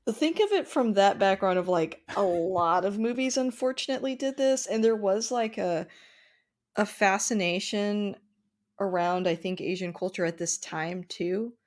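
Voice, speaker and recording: A woman's voice: medium pitch, moderate pace. A woman with an ordinary mid-range voice talks casually on a movie podcast. She laughs often and keeps her sentences loose, dotting them with "like" and "you know". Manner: conversational, laughs often, hedging with "like". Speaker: podcast host.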